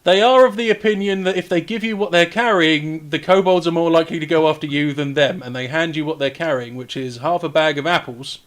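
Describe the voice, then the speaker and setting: A man narrating as game master, relaxed, with frequent hesitations while describing the scene. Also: a little high, a little fast, hardly any pauses.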